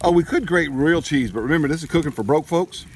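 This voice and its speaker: A man's voice: on the high side, fast talker, slight background noise. Folksy man cooking outdoors. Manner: joking, folksy, chatty with his kids. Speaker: cooking show host and father. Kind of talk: casual cooking vlog. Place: outdoors at a grill.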